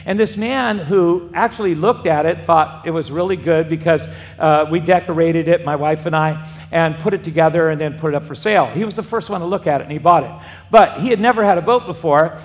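A man, a pastor, preaching a sermon and wandering into folksy personal stories with frequent restarts. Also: a little high. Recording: long hall reverb.

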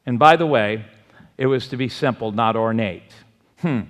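A male pastor preaching in a church sanctuary, his voice ringing with a long hall reverb. His pitch sits mid-range for a man. He leads the congregation in call-and-repeat phrases and swings between loud exclamations and quiet asides. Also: moderate pace. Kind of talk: sermon.

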